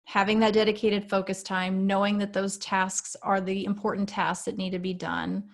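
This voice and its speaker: A woman's voice: medium pitch, little pitch movement, normal speed. A woman in her thirties talking in a casual podcast conversation, in an easygoing way that gives advice, with many "you know"s. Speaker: podcast guest or host, parent.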